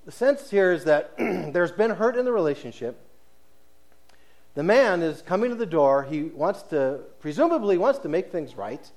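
A man preaching a sermon, explaining scripture and acting out the speakers' words, moving between hushed low phrases and raised emphatic ones. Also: sing-song, moderate pace. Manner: expository preaching, paraphrasing scripture with dramatized quotes. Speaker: pastor.

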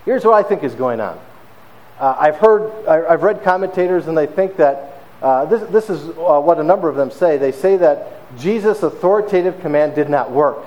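A man's voice: fairly high pitch, normal speed, dull audio. Man preaching a casual, storytelling sermon. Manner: conversational, animated storytelling with fillers. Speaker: pastor.

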